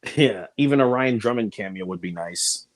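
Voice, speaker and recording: A man's voice: on the low side, lively intonation, moderate pace. A man in a casual fan chat, easygoing and agreeable.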